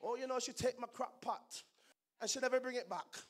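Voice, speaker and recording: A man putting on a petty Jamaican church gossip. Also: brisk. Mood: grumbling. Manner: low, mocking, grumbling.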